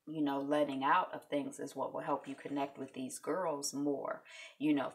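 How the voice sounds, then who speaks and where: A woman hosting a casual video recap of a reality show, chatty and animated, with many fillers. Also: low voice.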